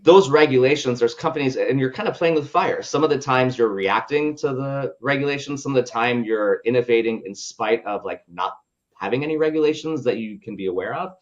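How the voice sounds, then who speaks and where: A man's voice: mid-range voice, fairly quick. Casual guy on a podcast, says "like" and "right?" a lot, kinda dull audio. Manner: loose, filler-heavy, ends points with "right?". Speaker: podcast guest, product leader. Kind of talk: casual conversational interview.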